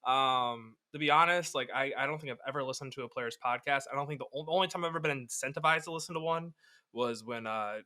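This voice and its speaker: A man's voice: mid-range voice, fast, pushed and bright. A man in his twenties co-hosting a casual sports podcast, rambling and cursing, often breaking off mid-sentence. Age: 20s. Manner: rambling, profane, self-interrupting. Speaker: podcast co-host.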